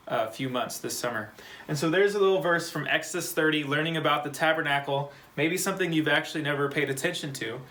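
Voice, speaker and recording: A man's voice: on the high side, sharp tone, rough recording. A man teaching a short Bible Hebrew lesson for a church kids' program, explaining word by word in a patient, step-by-step way. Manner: patient, slow, spells out words.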